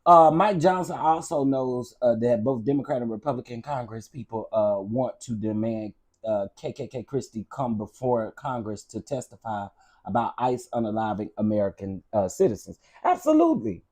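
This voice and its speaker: A man's voice: mid-range voice, expressive, moderate pace, darkish tone. A man hosting a video, ranting in a casual commentary style, sassy, blunt and profane, talking straight to his viewers. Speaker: vlog host.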